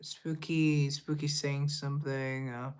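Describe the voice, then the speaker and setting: A young man from Colombia, who streams and makes music, chats loosely on a live stream, reading comments and rambling at his own expense. He talks slowly, his fairly high voice showing little pitch movement.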